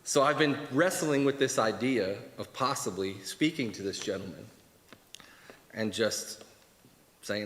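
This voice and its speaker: A man leading a church Bible class in a candid, animated way, acting out quoted voices. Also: on the low side, measured pace, long pauses, a little hiss or hum. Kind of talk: conversational church teaching. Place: church hall. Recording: echoey church hall, live stream.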